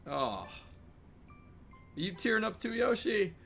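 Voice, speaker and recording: A man commentating a let's play, emotional and excitable, laughing often. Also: on the high side, a little slow, soft background music. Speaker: gamer playing through a story game.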